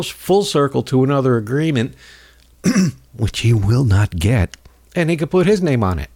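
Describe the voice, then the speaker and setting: A man's voice: medium pitch, animated, a little slow, a little mellow. A man hosting a political talk show, delivering a rambling, sarcastic monologue and mocking his opponents in put-on voices.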